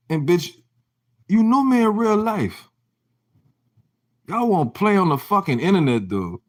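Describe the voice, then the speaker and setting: A man rants to his livestream viewers in a slightly raised voice that swings widely up and down. He tells profane, rambling stories and stumbles into restarts. His tone turns mocking as he gossips and laughs. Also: sits high. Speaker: livestream host. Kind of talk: casual livestream rant.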